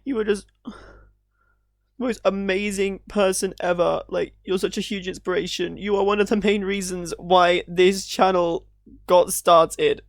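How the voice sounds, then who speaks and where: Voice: medium pitch, steady tone, a little slow, dry recording, clean studio sound. A YouTube creator reacting to a video, teary and emotional, speaking in an earnest, gushing way and stumbling over words.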